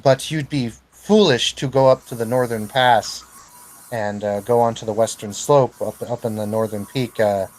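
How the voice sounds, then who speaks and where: A man's voice: medium pitch, fairly even intonation, moderate pace, darkish tone, close to an everyday voice, poor audio. A guarded young barkeep woman with a clipped, terse way of answering, hinting at more than she says, as a man voices her in a tabletop game. Her voice sits in a middling register. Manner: terse, hinting without saying outright.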